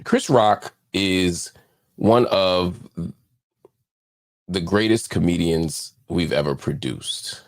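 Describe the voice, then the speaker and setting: A man hosting a political commentary show, talking with heated, preacher-like force and hammering phrases through repetition. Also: sits low. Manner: heartfelt, slower, subdued. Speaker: host.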